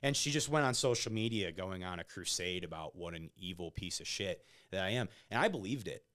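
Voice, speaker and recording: A low-pitched man recounts personal stories as a podcast guest in a loose, chatty way. His voice is smooth and resonant, and he keeps checking in with "right?" as he talks. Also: lively intonation, fairly quick, fairly bright tone. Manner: conversational, peppers stories with "like" and "right?". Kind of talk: casual interview storytelling.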